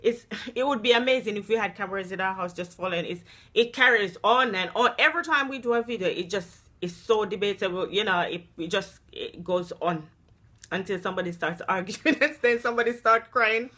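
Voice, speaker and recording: A woman's voice: medium pitch, a little fast, bright, forceful tone. A mother vlogger, lecturing her daughter in casual chat and laughing often, sounding tired and unwell. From Jamaica. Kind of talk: casual family vlog chat.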